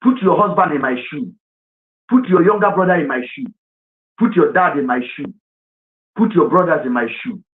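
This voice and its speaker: A man's voice: on the high side, moderate pace, pauses often. A man with a Nigerian accent hosting a live stream, speaking earnestly and with passion, sometimes slipping into Pidgin. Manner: earnest and impassioned, mixes in Pidgin. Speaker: livestream host. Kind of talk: emotional live-stream talk. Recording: tinny phone-line sound.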